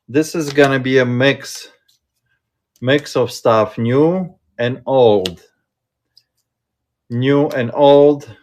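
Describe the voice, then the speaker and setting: A man hosting a casual live-stream sale from inside a shop, chatting and thinking aloud in an unhurried way. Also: medium pitch. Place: indoors in a card shop.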